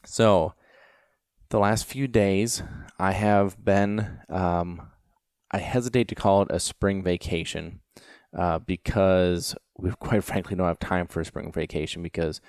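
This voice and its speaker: A man's voice: low-pitched, fairly even intonation, a little slow, darkish tone, clean tone, no echo, studio quality. A man in his thirties, a podcast host, telling a casual story with lots of rambling "you know" fillers. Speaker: podcast host and dog trainer.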